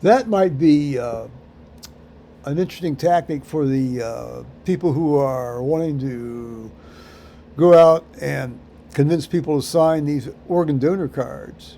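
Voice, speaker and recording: A man rambling through a solo vlog monologue, halting with many fillers and restarts, with dry dark humor. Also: a little high, gravelly, slight background noise. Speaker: vlogger.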